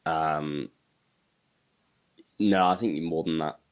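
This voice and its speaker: A man's voice: extremely low pitch, slow pace, clear, resonant tone. An older man co-hosting a podcast, chatting in an easygoing way and laughing often. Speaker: podcast co-host. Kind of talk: casual chat.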